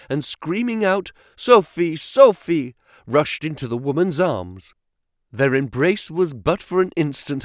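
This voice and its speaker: A man's voice: fairly high pitch, no echo, clean studio sound. A man narrating an audiobook, telling the story with expression. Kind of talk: scripted narration.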